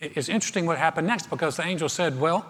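A man preaching in a storytelling, humorous way, often repeating words. His voice is fairly high for a man. A long reverb trails his voice, as if in a large church. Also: racing, fairly bright tone, husky. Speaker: pastor. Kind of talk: sermon.

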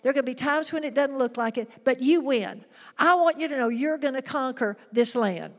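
A woman delivers a sermon, earnest and emphatic, asking her listeners rhetorical questions. Her voice sits fairly high. A long reverb trails her words as in a large hall. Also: brisk. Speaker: preacher.

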